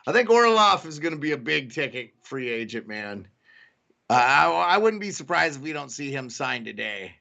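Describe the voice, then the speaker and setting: A man's voice: fairly high pitch, vocal fry, sharp tone. A young man hosting a live stream, chatting casually with viewers and reacting to news as it comes in. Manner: casual, greets chat viewers by name, thinking aloud. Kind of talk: live chat commentary.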